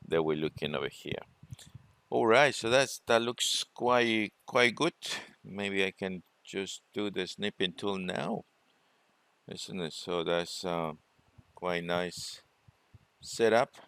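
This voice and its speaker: A man presenting a forex trading walkthrough, talking it through unhurriedly with many fillers and pauses. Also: low-pitched, vocal fry, a bit bright, no echo. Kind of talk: screen-share trading walkthrough.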